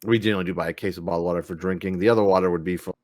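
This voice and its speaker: A man hosts a live gaming stream in casual chat. His voice sits fairly low, and the sound is close and dry with no room behind it. He rambles freely, full of fillers and the occasional swear. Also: fairly even intonation, racing, a little mellow, no echo. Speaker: podcast host.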